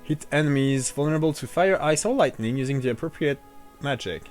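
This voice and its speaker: A man streaming a video game, chatting casually and joking with his viewers in an excitable, bantering way. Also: a little high, a little fast, faint music behind. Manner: excitable, jokey banter with chat.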